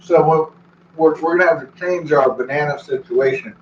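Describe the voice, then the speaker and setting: A man's voice: on the high side, normal speed. Man, forties, rambling, profane, dull lo-fi sound, faint background hiss. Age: 40s. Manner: meandering, profane, talks to his dog between thoughts. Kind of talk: casual rambling monologue. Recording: echoey, distant, dull recording.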